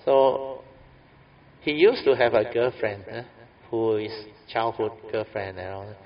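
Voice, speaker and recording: A man's voice: medium pitch, fairly even intonation, measured pace. A man giving a Buddhist Dhamma talk, telling a story in a chatty, anecdotal way with tag questions and fillers. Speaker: Buddhist teacher. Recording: dull lo-fi recording.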